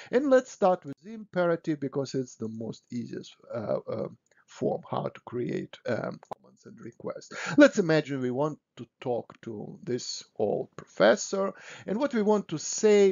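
A man's voice: a little high, big pitch swings, a little slow, gravelly, a little mellow. Man teaching German grammar, dull lo-fi sound. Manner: patient, repeats "no?" to check understanding. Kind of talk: explaining grammar to learners.

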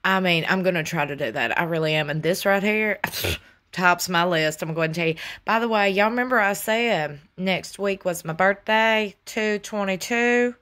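A woman chatting to her viewers from home, telling stories in an animated way and laughing often. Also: on the low side, moderate pace. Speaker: YouTube host. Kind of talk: casual chat to viewers.

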